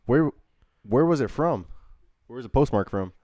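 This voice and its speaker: A young man co-hosting a casual podcast, relaxed and rambling, teasing his friend. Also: medium pitch, normal speed, dry recording, studio quality. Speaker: podcast co-host.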